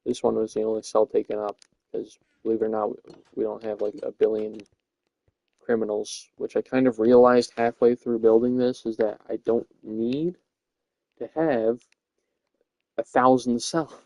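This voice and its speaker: A man's voice: fairly low pitch, level tone, moderate pace, vocal fry, dark tone, no room sound. A young man giving a rambling, playful tour of a Minecraft build, often correcting himself as he goes. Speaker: Minecraft server tour guide. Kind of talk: casual gameplay commentary. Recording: dull, dry home recording.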